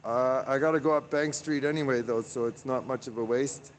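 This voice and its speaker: A man's voice: mid-range voice, steady tone, brisk, slight background noise. A man chatting on a live stream from the street outdoors, reading viewer comments aloud and rambling with many fillers. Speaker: livestreamer.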